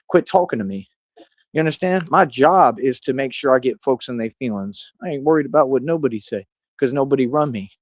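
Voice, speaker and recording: A man's voice: mid-range voice, no echo. Man, 30s, streamer, combative bragging rant, dull lo-fi dry audio. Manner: boastful, confrontational ranting. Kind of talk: rambling livestream monologue.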